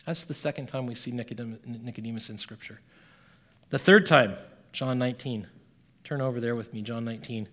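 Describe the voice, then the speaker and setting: A man preaching a sermon in a conversational, animated way, rising and falling in volume as he reads scripture. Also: mid-range voice, a little fast. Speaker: pastor.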